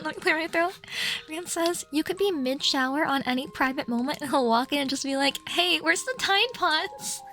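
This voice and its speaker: A high-pitched woman chats through a live Q&A stream, playful and quick to giggle. Her tone stays light and teasing. A little music hums faintly behind her. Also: a bit bright. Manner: giggly and playful, laughs often. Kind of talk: casual livestream Q&A chat.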